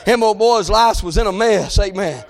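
A male preacher, delivering a rhythmic sermon that swings between shouted pleas and half-sung lines. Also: high voice, normal speed.

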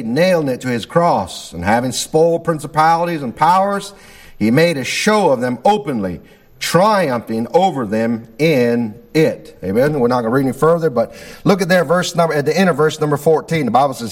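A man's voice: on the high side, animated, normal speed. A man preaching a sermon as pastor, opening with a prayer and sprinkling his talk with "amen" and "Lord God" in a preacher's cadence.

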